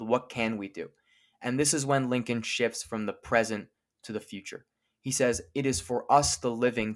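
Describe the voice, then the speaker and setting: A man co-hosting a podcast, explaining a famous speech in a clear, lecturing way and slowing down to quote lines from it. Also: mid-range voice, fairly bright tone. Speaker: podcast co-host.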